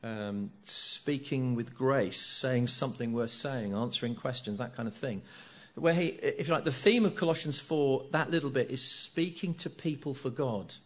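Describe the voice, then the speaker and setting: A man's voice: mid-range voice, moderate pace, hardly any pauses. A middle-aged man preaching a sermon, earnest, repeating key phrases and asking rhetorical tag questions.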